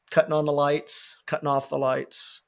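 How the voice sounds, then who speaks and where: A man with a slightly raised, gravelly voice hosts a casual podcast. He tells stories with lively energy, swears freely, and breaks into laughter often. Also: a little high, slow pace. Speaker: podcast host. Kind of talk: casual chat.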